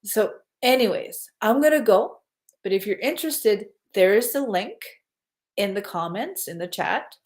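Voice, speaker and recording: A woman's voice: medium pitch, expressive, a little slow. Chatty woman psychic on a livestream. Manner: chatty, repeats reminders with "okay?". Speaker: psychic medium hosting a livestream. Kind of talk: casual livestream promotion.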